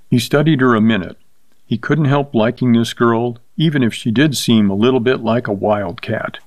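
A man reading a short story aloud with steady, measured narration. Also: mid-range voice, no echo.

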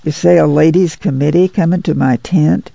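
A man's voice: on the high side, steady tone, normal speed, gravelly, warm tone, no room sound, lo-fi sound. A man voicing a weary, determined rural mother in a storybook reading, with a folksy drawl. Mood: humble. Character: weary determined Dust Bowl mother, middle-aged woman.

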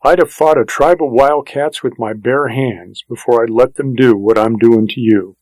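A man's voice: mid-range voice, normal speed, darkish tone, no echo, close to an everyday voice, poor audio. A man voicing a menacing outlaw. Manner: blunt, menacing, commanding. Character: tough hard-bitten male outlaw on the run. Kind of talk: audiobook character reading.

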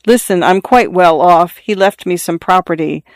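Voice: medium pitch, moderate pace, no echo, lightly acted. A narrator voicing a shy, earnest young peasant man who speaks hesitantly and plainly.

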